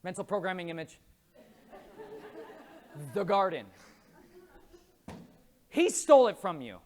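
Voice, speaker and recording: A man giving a lively, jokey faith talk at a conference, speaking to a live audience and telling stories. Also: high-pitched, slow, some chatter behind. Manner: lively, jokey, acts out quoted voices. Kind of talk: animated faith talk with storytelling.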